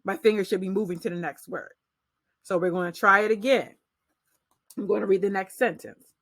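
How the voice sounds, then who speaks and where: A woman teacher explaining early reading skills to parents in a slow, deliberate instructional way. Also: medium pitch, fairly even intonation, a bit bright, dry recording. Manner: slow, deliberate modeling of read-aloud pacing.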